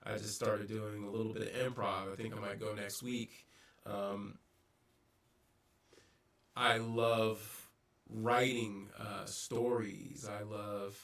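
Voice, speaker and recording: A man vlogging a casual, reflective monologue, pausing often with ums and restarts, recorded on a distant mic with poor audio. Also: on the low side, flat delivery, fairly bright tone. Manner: halting, many ums and restarts.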